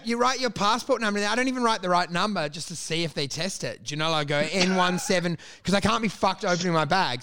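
A man hosting a casual podcast chat, excitable, swearing freely and laughing often as he acts out imagined exchanges. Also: high-pitched. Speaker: podcast host.

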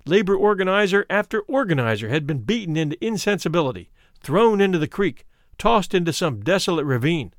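A man giving a measured, somber first-person reading of a memoir. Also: high-pitched, sing-song, no room sound, clean studio sound. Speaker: narrator.

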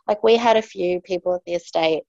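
Aussie woman in her 30s ranting about her week, lively and fed up, dry slightly muffled sound. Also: fairly quick, no room sound. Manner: animated, exasperated, mimics others in raised pitch. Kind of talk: casual storytelling. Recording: slightly dull, dry recording.

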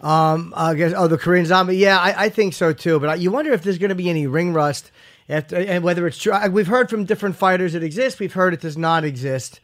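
Fast-talking male radio host. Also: high-pitched. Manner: quick, stumbling over questions. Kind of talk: interview questions.

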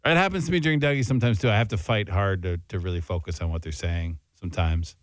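A man co-hosting a radio show in casual banter, agreeable and chatty, often answering with quick "yeah, yeah". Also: deep voice, dry recording. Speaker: radio co-host.

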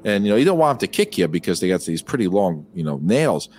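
A man's voice: sits low, very animated, quick pace, a little mellow, faint music behind. A man co-hosting a casual movie review chat, rambling and hesitant, with many fillers. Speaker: podcast co-host.

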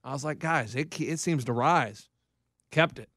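A man's voice: mid-range voice, measured pace, gravelly, heavy background noise. A man co-hosting a radio show, talking emphatically in casual banter. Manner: emphatic, insistent.

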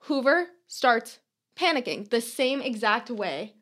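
A young woman co-hosting a podcast, telling a long, animated anecdote in casual chat, full of fillers and swearing. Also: fairly high pitch, slow. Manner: animated storyteller, filler-heavy, swears freely. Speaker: podcast co-host.

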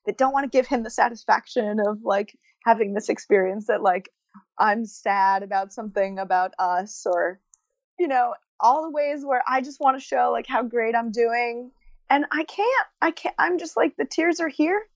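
A woman comedian, a podcast guest, telling a personal story in a lively, laughing manner. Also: on the high side, moderate pace, no room sound, muffled recording. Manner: animated storytelling, laughing through tears. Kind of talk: casual podcast conversation.

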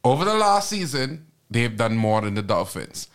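A man's voice: medium pitch, very animated, normal speed. A man co-hosting a casual sports chat, dropping dry, teasing remarks. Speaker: podcast co-host.

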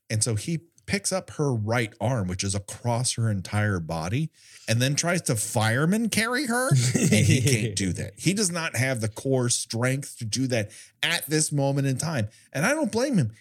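A man hosts a casual podcast and recaps a TV episode with biting sarcasm and frequent profanity. His pitch leaps up and down as he riffs. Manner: animated, profane, sarcastic retelling with quick asides. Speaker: podcast host.

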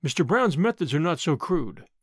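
A man voicing a calm, shrewd older male lawyer who speaks quietly and deliberately. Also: on the high side, husky, no echo, clean studio sound. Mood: measured.

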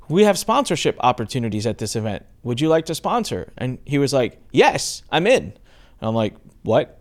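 Animated man hosting a podcast. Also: mid-range voice. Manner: animated storyteller, acts out quoted voices. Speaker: podcast host. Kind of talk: casual interview intro.

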